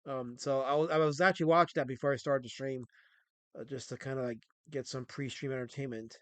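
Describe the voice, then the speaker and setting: A man's voice: medium pitch, fairly quick, dry recording. A man hosting a casual live stream, scolding his chat with plenty of swearing. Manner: scolds chat, profane, animated. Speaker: streamer and host.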